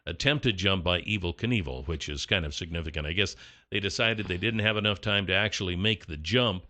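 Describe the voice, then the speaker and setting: A man's voice: deep voice, fairly quick, bright, forceful tone. A middle-aged man co-hosting a local radio show, chatting casually and reading a sponsor spot with easy "uh" fillers. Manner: easygoing, chatty, with frequent "uh" fillers. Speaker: radio co-host.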